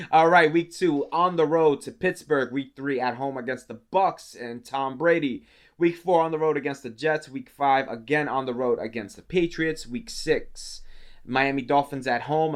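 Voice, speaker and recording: A young man hosting a casual football talk show, enthusiastic and quick to stumble and restart his sentences. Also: mid-range voice. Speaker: sports show host.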